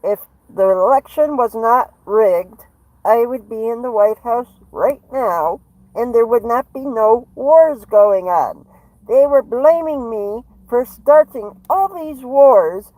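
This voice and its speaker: A man's voice: very high voice, slow pace, a little mellow, no echo, pitched above the performer's own voice, poor audio. A man doing an amateur impression of a boastful former male president, with emphatic, repetitive bragging.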